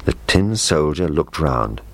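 A man reading a children's story aloud, slow, gentle and measured. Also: a bass voice, very animated, no echo.

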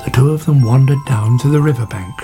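A man calmly narrating a woodland animal story. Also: mid-range voice, brisk, music in the background.

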